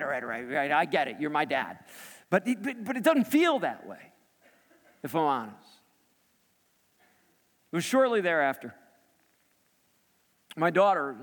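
A man delivers a sermon as a personal story, his fairly high voice moving between emphatic bursts and quiet, hushed passages. He is heard in a large hall, with a long reverb trailing his words. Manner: storytelling, dramatic shifts between loud and hushed. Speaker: pastor.

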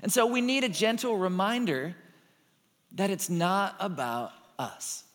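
Animated, joking preacher in a big hall. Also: male voice, high voice, a little slow. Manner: animated, joking, acts out little dialogues. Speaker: pastor. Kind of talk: sermon.

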